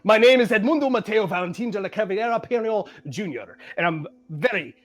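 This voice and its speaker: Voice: medium pitch, animated, a little fast, close to an everyday voice. An enormous masked male luchador, eager and polite , as a game master puts him on. He gives a formal introduction in a slightly raised voice, and it sounds a bit off-mic.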